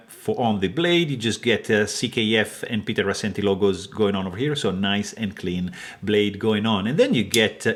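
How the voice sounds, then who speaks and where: A man's voice: on the low side, a little hiss or hum. A man giving a detailed, enthusiastic product review, talking with many fillers and hesitations while he shows the item. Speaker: knife reviewer.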